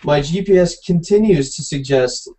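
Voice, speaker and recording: A man's voice: a little high, moderate pace, rough recording. A man telling a rambling story in casual podcast chat, acting out what people said. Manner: rambling, animated, acts out quotes. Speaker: podcast co-host.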